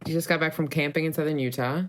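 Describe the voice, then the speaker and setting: A woman's voice: deep voice, steady tone, quick pace, slight background noise. A woman comedian, a guest on a podcast over a video call, teasing in a dry way.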